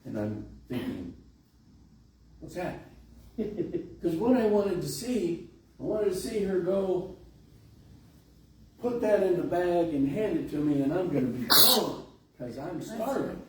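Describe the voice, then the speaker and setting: Folksy pastor telling a story in an echoey hall. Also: male voice, sits high, unhurried. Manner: folksy, conversational, animated storytelling. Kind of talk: sermon storytelling. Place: large church sanctuary. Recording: echoey hall, distant mic, faint hiss.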